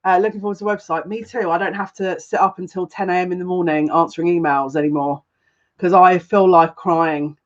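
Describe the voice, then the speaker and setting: A woman's voice: on the low side, steady tone, fairly quick, lo-fi sound. A woman psychic reader chatting on a live stream, rambling casually and greeting viewers one by one by name. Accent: noticeable accent, complimented by viewers.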